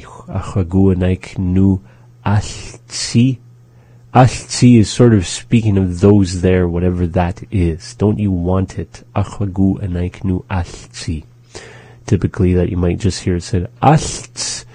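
A man hosting a radio language lesson, repeating each phrase slowly and carefully. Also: sits low, dark tone, husky, no room sound. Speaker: language teacher and radio host. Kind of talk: slow instructional language lesson.

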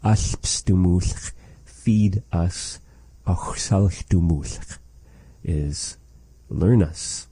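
A man's voice: low voice, extremely slow, long pauses, warm tone, slightly rough, dry recording. A man teaching a language lesson, patiently explaining phrases and repeating words.

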